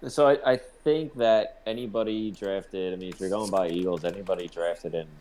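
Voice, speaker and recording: A man's voice: sits low, fairly even intonation, moderate pace, mellow. A man co-hosting a casual sports podcast, swearing freely and laughing often while leading the discussion. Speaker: podcast co-host. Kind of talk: casual sports-talk chat.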